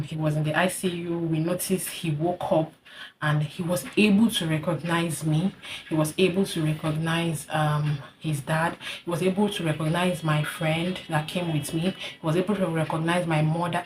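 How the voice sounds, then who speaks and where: Young Nigerian woman, vlogger, low voice, earnest heartfelt storytelling with fillers, faint background hiss. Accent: Nigerian English. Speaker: vlogger sharing a personal story. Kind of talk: casual storytelling vlog. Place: hot indoor room.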